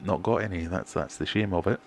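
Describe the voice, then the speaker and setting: British bloke with a deep low voice, easygoing livestream chat, answering comments. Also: male voice, a little fast, breathy edge. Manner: chatty, reads out viewer comments, relaxed and self-deprecating. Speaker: fishkeeping livestream host.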